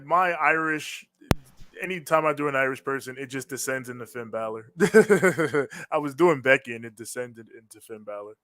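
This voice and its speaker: A man's voice: mid-range voice, pushed and bright, no echo, studio quality. A man co-hosting a live wrestling reaction stream in casual chat, rambling, swearing freely and laughing often at home. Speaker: co-host of a wrestling reaction show.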